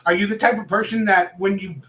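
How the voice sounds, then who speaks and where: A man's voice: high voice, steady tone, fast talker, a crowd in the background. A man speaking as an interview guest, in earnest, rambling casual chat. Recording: echoey room.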